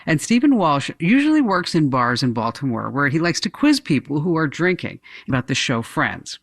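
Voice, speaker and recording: A woman's voice: deep voice, sing-song, moderate pace. Chatty woman radio host. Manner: chatty, playful, acts out little voices. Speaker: radio talk show host. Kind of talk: radio ad read and interview.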